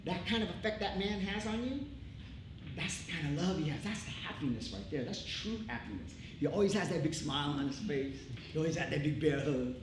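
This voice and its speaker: A man's voice: fairly high pitch, lively intonation, a little fast. Echoey emphatic man on stage. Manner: emphatic, repetitive, casual street talk. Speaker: speaker at a tribute show. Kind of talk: heartfelt stage speech. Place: theatre stage. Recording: echoey hall, live crowd noise.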